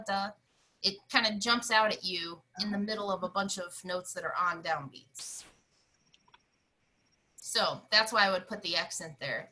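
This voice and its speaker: A woman's voice: mid-range voice, sharp tone, rough recording. A woman teaching an online music lesson, explaining rhythms and singing scat syllables to show them.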